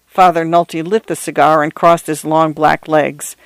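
A man narrating a short story in a measured, even reading voice. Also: fairly high pitch, no room sound.

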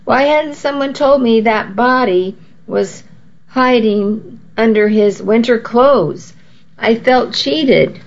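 A woman's voice: fairly high pitch, takes it slowly, dull audio. A woman narrating a first-person story in a wry, self-mocking tone.

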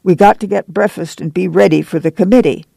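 A man's voice: sits high, fairly quick, vocal fry, mellow, slightly rough, no room sound, full character voice. A man voicing a hardworking mother in an audiobook, speaking in a plain dialect with a firm, urgent manner. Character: weary rural mother, bossy, proud, hardworking. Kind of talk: audiobook character voice.

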